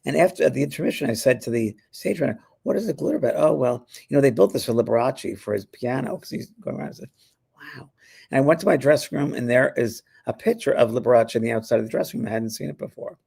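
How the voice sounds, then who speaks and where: A man with a mid-range, husky, slightly mellow voice and some vocal fry talks fast while hosting a casual chat. He's a spiritual medium and show host who tells anecdotes as a chatty storyteller, acting out the voices of the people he quotes and laughing often.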